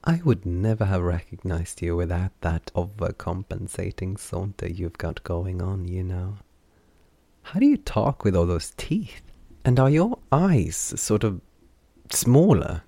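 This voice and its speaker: A man's voice: sits low, little pitch movement, normal speed, creaky, few pauses, mellow, slightly rough, dry recording, heavily acted. A man voicing a bubbly, teasing four-armed female creature in an audiobook, theatrical and coy.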